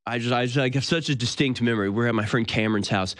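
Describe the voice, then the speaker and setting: A man's voice: mid-range voice, fast, fairly bright tone. A man in his thirties hosting a talk show, delivering a sardonic, incredulous monologue with frequent laughs. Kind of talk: casual monologue.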